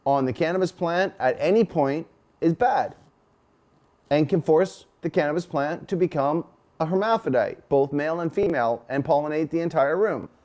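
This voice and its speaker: A man's voice: a little high, dark tone. A man in his forties with a Canadian accent, hosting a casual, profane, rambling livestream chat. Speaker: host.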